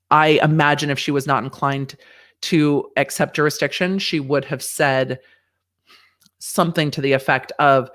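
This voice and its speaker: A woman's voice: low-pitched, steady tone, moderate pace. A woman lawyer giving casual, candid livestream commentary on a court hearing, reading viewer questions aloud and swearing freely. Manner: candid, profane, reads chat questions aloud.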